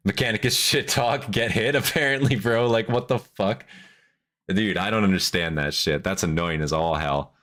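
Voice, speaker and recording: A man's voice: fairly low pitch, normal speed, a bit bright. A man live-streaming his reaction to a video, talking casually and with exasperation and a lot of swearing. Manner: exasperated, heavy swearing, rambling.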